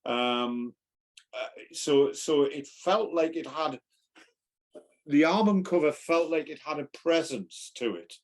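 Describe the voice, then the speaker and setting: A man co-hosting a podcast, weighing his thoughts slowly with many pauses and ums. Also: fairly high pitch. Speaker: podcast co-host. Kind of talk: casual chat.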